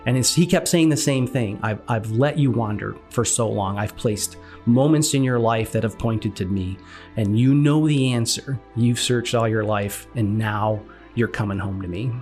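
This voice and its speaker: A man's voice: lowish voice, moderate pace, soft background music. A man earnestly recounting a personal faith story, acting out the dialogue as he goes. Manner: earnest, animated retelling with quoted dialogue. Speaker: guest sharing testimony.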